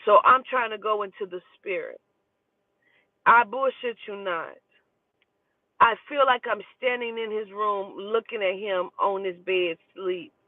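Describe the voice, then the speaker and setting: A woman who does spiritual readings, telling a story in a casual, profane and animated way. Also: medium pitch, unhurried, dry recording. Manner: profane, animated, talking to herself aloud. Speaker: spiritual reader. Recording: tinny phone-like dry audio.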